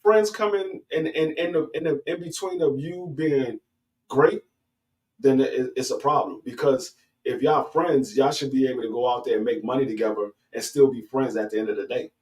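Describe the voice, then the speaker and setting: A man in casual sports talk, speaking haltingly with many restarts and climbing high in pitch when he argues a point. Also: darkish tone, recorded from a distance, poor audio. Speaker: boxing talk guest.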